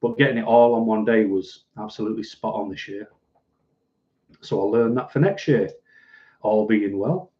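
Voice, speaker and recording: With a lowish, mellow voice, a man chats on a casual livestream at a moderate pace, leaving long pauses. He reads viewer comments aloud, rambling and laughing easily. The audio is dull and lo-fi.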